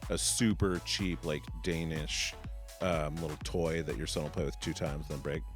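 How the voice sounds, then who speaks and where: A man co-hosting a livestream in casual chat, playful and quick with jokes. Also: very deep voice, steady tone, faint music behind. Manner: playful, slips into joke voices and impressions. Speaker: co-host.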